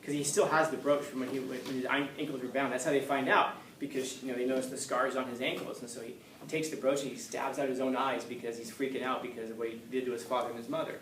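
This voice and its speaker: A man's voice: medium pitch, fairly even intonation, quick pace, hardly any pauses, fairly bright tone, a little hiss or hum. A man teaching a class in a casual lecture, telling a story and acting out its characters, joking with his students. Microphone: distant room mic. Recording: echoey classroom recorded from far off.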